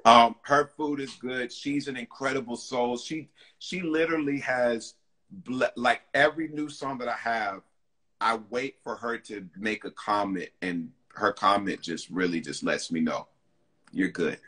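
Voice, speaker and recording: A man, a singer being interviewed, chatting casually and telling lively stories. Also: medium pitch, measured pace. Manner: lively storytelling, acting out other people's lines. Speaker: singer guest.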